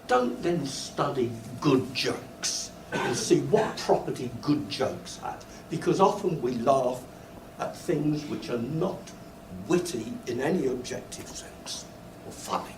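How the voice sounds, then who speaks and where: An older British man with a medium-pitched, expressive voice gives a slow university lecture, animatedly telling stories and acting out his own embarrassed asides. It's recorded from a distance in an echoey lecture hall, with faint noise and student laughter in the background.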